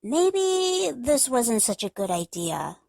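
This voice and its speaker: A woman's voice: on the high side, sing-song, slow pace, vocal fry, darkish tone, full character voice. A woman playing an anxious, caring young woman in an audiobook. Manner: anxious, soothing.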